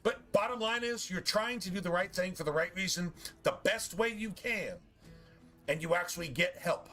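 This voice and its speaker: A man's voice: high-pitched, normal speed, fairly bright tone, faint music behind. A man streaming a game and ranting casually, swearing often in a preachy, emphatic way. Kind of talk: casual rant while gaming.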